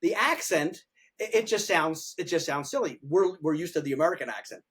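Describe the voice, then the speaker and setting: An older man, a retired dentist, talking casually in an interview, rambling and animated, often repeating words and restarting. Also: fairly high pitch, brisk, slightly rough. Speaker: retired pediatric dentist, podcast guest.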